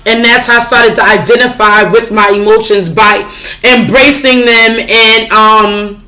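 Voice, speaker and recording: A woman's voice: on the high side, fairly even intonation, measured pace, pushed and bright. A woman tarot reader in casual spiritual talk to her viewers, frank and chatty, swearing freely and often asking if you follow her. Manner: chatty, frank, swears freely, asks "you know what I'm saying?".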